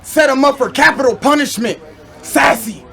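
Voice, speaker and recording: A man's voice: extremely high pitch, moderate pace, gravelly, a bit bright. A man battle rapping live in a mocking, boastful way. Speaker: battle rapper. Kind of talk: live battle rap performance.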